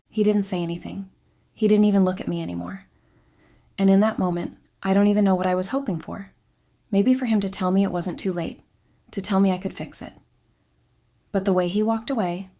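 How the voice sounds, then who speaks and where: A woman reads a first-person confession from a script. Her voice sits at a middle pitch for a woman. Her delivery stays quiet, subdued and steady. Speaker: story narrator.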